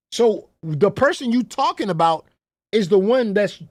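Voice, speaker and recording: A man's voice: high voice, very animated, takes it slowly, no echo, clean studio sound. A man, a reaction streamer who mocks and swears freely, often calling people "bro". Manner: incredulous, mocking, swears freely, repeats "bro". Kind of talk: profane reaction commentary.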